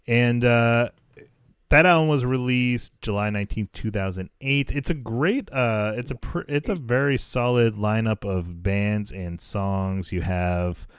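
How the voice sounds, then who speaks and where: A man's voice: lowish voice, smooth, dry recording, clean studio sound. A man hosting a podcast in casual chat, laid-back and laughing often. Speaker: podcast host.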